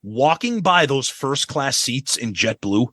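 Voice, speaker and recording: A man's voice: mid-range voice, very animated, unhurried, a bit bright, dry recording. A man co-hosting a podcast, telling a travel story in a casual, profane way. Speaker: podcast co-host.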